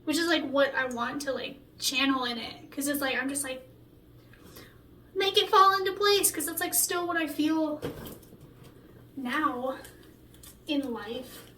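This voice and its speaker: A young woman, a singer-songwriter, chatting excitedly and rambling with lots of filler words during a vocal recording session vlog. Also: sits high, unhurried, pauses often, slight background noise. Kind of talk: behind-the-scenes vlog commentary. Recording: echoey room heard from a distance.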